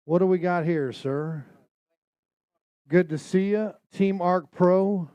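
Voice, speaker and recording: An energetic male announcer calls out catch weights with a high-pitched voice. He jokes with anglers and spectators at a live weigh-in, and the sound is dry and close. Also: slow pace, no echo, lo-fi sound. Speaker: weigh-in emcee.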